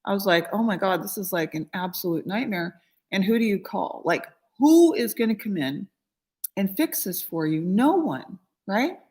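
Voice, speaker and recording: A middle-aged woman healer recounts a personal story with raw emotion. Her voice sits at a mid pitch, and she talks loosely with many fillers. When she quotes others she jumps up in pitch and volume, acting the voices out. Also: animated, moderate pace, a little mellow. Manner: conversational, frequent 'you know' fillers. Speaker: spiritual healer.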